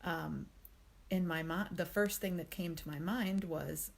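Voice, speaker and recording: Gentle woman talking through a mindfulness reading, low voice, kinda husky and gravelly, lots of ums. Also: fairly even intonation. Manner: gentle, unhurried, with frequent ums. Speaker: host of a daily mindfulness reading series. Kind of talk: reflective spoken commentary on a book reading.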